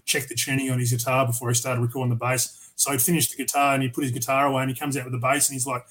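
A man's voice: mid-range voice, little pitch movement, rapid-fire, a bit bright, rough recording. An Australian man from Tasmania, a metal vocalist who is a podcast guest, telling rambling, profane stories with many restarts. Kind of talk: casual storytelling interview.

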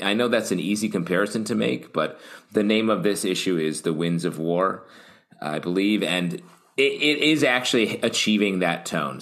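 A man co-hosting a comic book podcast, animated and jokey in casual chat. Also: low voice. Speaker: podcast co-host.

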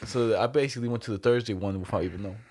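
A man's voice: lowish voice, rapid-fire, darkish tone, breathy edge. Laid-back young man telling a story. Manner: profane, laid-back storytelling with quoted voices. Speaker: storyteller in casual conversation. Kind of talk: casual chat.

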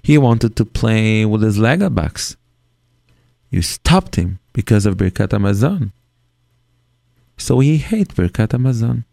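Gravelly rabbi teaching in slow earnest English. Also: male voice, fairly low pitch, sing-song, a little mellow, no echo, studio quality. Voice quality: non-native English grammar. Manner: earnest, acts out parent and child in dialogue. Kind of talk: Torah lecture on parenting.

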